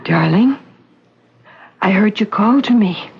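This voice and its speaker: An actress playing a scheming woman who poses as a gentle mother, speaking in a soft, coaxing, soothing way, in 1970s radio drama acting. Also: mid-range voice, expressive, slow pace, vocal fry, breathy edge, exaggerated voice. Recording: dull old radio recording, faint hiss.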